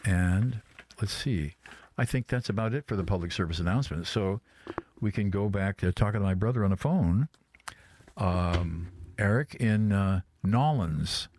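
A man hosting a casual radio show, talking in a rambling, halting way with many restarts. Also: lowish voice, darkish tone. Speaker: radio host.

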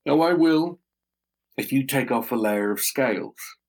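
A man's voice: mid-range voice, animated, unhurried. A man voicing a sly young shepherdess bride in a spoken folk tale, talking in a coaxing, teasing way with a lifted voice.

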